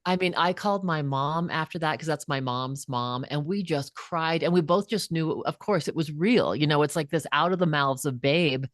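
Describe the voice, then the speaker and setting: Low-voiced woman telling a heartfelt story. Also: moderate pace, hardly any pauses, dry recording, studio quality. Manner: earnest, animated, acts out quoted voices. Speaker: guest, author and coach. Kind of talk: personal storytelling in an interview.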